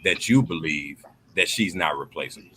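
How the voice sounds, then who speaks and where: A man in a casual chat, making blunt, slow declarative points. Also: a bass voice, lively intonation, sharp tone, slight background noise.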